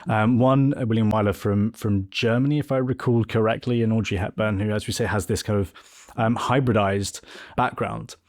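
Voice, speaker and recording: A man's voice: on the low side, fairly even intonation, moderate pace, darkish tone. Thoughtful man hosting a film podcast. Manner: thoughtful, academic phrasing. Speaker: podcast host. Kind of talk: conversational podcast interview.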